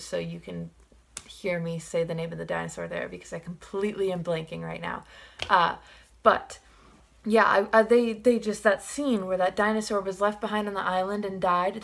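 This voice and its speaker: A young woman vlogger giving her film opinions in a casual, excited, rambling way. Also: medium pitch, gravelly.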